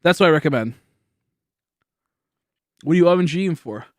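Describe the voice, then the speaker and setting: A man's voice: a little high, lively intonation, no echo. Rambling young man streaming, dry close sound. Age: late 20s. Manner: rambling, laughing, loose and slowed. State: a little high. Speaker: livestreamer. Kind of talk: casual livestream chat reading donations. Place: home streaming setup. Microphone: high-end studio microphone.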